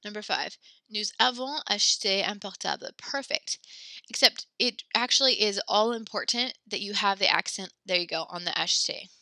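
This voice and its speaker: A pregnant woman teaches a French lesson with a very bright, crisp voice. She is a little breathless, but she stays encouraging and patient. The recording is close and dry. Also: medium pitch, moderate pace, dry recording. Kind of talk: online class instruction.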